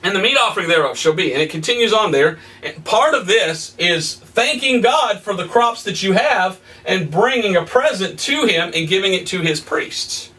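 A male evangelist teaching a sermon in a folksy, animated way, reading scripture and telling homey stories with excited exclamations. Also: sits high, normal speed, few pauses, distant mic.

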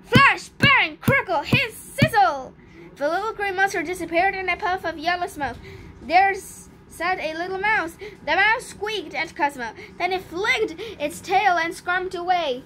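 A woman's voice: extremely high pitch, normal speed, fairly bright tone, slight background noise. A woman reading a children's storybook aloud, with small slips and restarts. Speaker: storybook reader.

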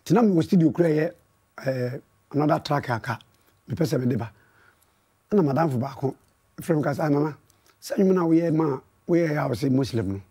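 A Ghanaian man with a Ghanaian accent, a musician guest chatting casually in an interview and telling his story softly. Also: a little high, animated, fairly quick, pauses often, breathy edge.

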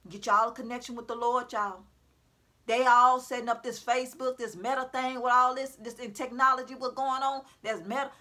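High bright-voiced woman preaching to viewers. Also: fairly even intonation, fairly quick. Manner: preachy, repetitive, calls out to her audience. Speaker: self-styled prophetic speaker. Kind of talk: informal religious exhortation to viewers. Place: at home.

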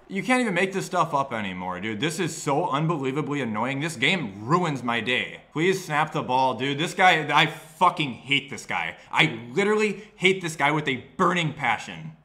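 A young man commentating his own football video game, ranting and yelling at the plays. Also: mid-range voice, big pitch swings, moderate pace, few pauses. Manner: glum, subdued wrap-up talk to viewers. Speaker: gaming video creator. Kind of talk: live gameplay commentary.

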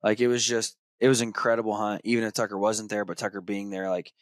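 A man in his thirties hosting a podcast, telling a hunting story in a casual, animated way. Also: lowish voice, fast talker, no room sound, clean studio sound. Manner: animated retelling, acts out his son's excited shouts. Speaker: podcast host.

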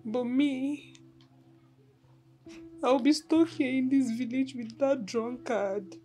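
An actress with a Nigerian accent playing a remorseful young village wife, subdued and apologetic. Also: female voice, medium pitch, normal speed, darkish tone, faint music behind, close to an everyday voice.

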